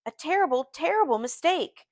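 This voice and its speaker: A woman's voice: sits high, lively intonation, moderate pace, voice pushed up. A woman reading aloud as a fretful, grandiose young rich man, moving from urgent worry to beaming delight. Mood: anxious.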